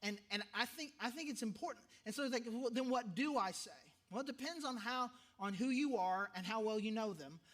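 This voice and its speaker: A man's voice: extremely high pitch, a little fast, hardly any pauses, a bit bright. A man who is a pastor, preaching a sermon in a conversational way, often repeating himself for emphasis. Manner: conversational, self-interrupting, emphatic repetitions.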